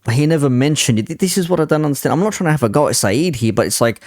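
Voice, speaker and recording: A man's voice: mid-range voice, racing, hardly any pauses, darkish tone, dry recording, clean studio sound. Exasperated man doing reaction commentary. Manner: exasperated, swears casually. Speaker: commentary channel host.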